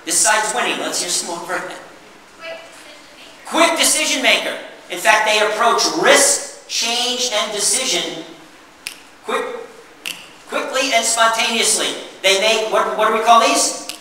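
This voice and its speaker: A man giving an interactive workshop presentation, animated and drawing answers from his audience. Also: sits high, a little slow, pauses often, slight background noise. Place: meeting room with an audience. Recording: echoey hall, mic far off.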